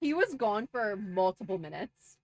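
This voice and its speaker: A young woman streamer telling a funny travel story to her chat, animated and giggly, with lots of laughing and filler words. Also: mid-range voice, normal speed, no room sound. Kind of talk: casual storytelling to a livestream chat.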